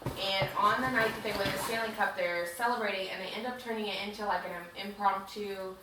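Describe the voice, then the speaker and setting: A woman's voice: medium pitch, fairly even intonation, brisk. A woman co-hosting a podcast, casually recapping a book in a chatty, rambling way full of "like". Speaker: podcast co-host. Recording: very echoey room, distant mic, faint hiss.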